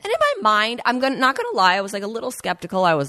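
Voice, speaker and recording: A woman's voice: a little high, wildly swooping pitch, rapid-fire, few pauses, pushed and bright, no echo, studio quality. A woman hosting a podcast, telling a personal story in a chatty way and talking straight to her listeners. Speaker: podcast host. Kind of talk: casual podcast talk.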